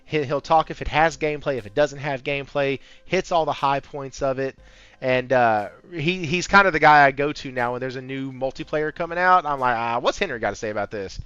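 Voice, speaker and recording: A man hosting a casual gaming podcast, talking in an amped-up, high-energy way and swearing freely. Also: fairly quick, fairly bright tone, smooth, no room sound. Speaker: podcast host. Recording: slightly muffled audio with faint background music.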